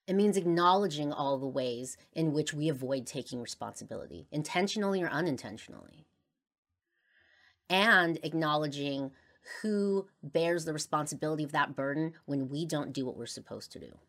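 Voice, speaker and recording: Low-voiced woman, halting confessional podcast talk. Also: animated. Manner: halting, many fillers, trails off quietly. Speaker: podcast host. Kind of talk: personal confessional monologue.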